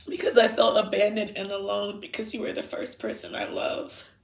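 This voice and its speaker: A woman speaking heartfelt farewell letters, halting and emotional, with soft pauses. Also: medium pitch, level tone, creaky. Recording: roomy echo.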